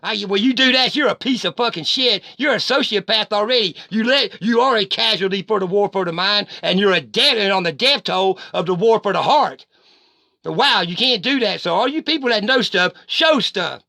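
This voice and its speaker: A man's voice: sits high, expressive, moderate pace, pushed and bright, no echo. Angry profane man ranting. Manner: profane, heated and confrontational. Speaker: vlogger. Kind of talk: angry direct-to-camera rant.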